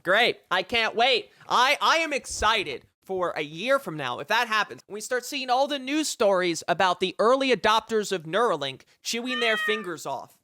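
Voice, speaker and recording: Bright-voiced, sarcastic, swearing streamer. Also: medium pitch, very animated, moderate pace, few pauses. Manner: sarcastic, profane ranting; reads passages aloud and reacts. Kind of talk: live commentary on news reporting.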